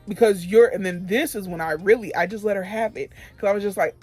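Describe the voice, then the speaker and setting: A woman's voice: mid-range voice, very fast, few pauses, a little mellow, soft background music. A young woman telling a story about quitting her job while getting ready on camera. She vents in a heated, emphatic way and often repeats herself. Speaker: beauty vlogger.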